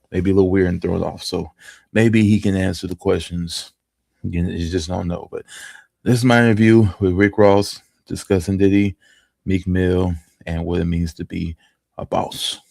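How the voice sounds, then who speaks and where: Yeah a teasing dude host reacting to his interviews, raspy low, dry mic with music under it. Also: mellow, no echo. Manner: teasing, laughs at guests. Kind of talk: casual watch-along commentary.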